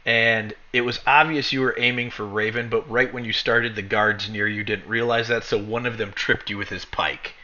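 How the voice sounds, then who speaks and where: A lower-pitched man with a bright, forward tone narrates a tabletop game, rambling and correcting himself. The recording sounds dull and lo-fi. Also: fairly even intonation, normal speed, few pauses. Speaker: game master.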